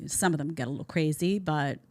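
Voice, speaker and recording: A woman hosts a commentary show, delivering blunt, sarcastic takes on viral videos. Her voice sits on the low side. The recording is dry, with almost no room sound. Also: quick pace, darkish tone, no echo. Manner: blunt, sarcastic, mocks others in mimicking voices. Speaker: host. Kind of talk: opinionated commentary on viral clips.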